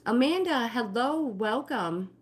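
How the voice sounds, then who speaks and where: A woman's voice: a little high, animated, slow pace. An older woman leading a live-streamed walking workout, giving friendly exercise cues and greeting viewers by name. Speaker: fitness instructor and livestream host.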